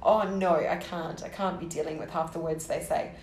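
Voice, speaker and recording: Animated woman chatting in an echoey room. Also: deep voice, normal speed, slight background noise. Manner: animated, exclaims and laughs, swears mildly. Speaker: podcast co-host. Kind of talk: casual chat.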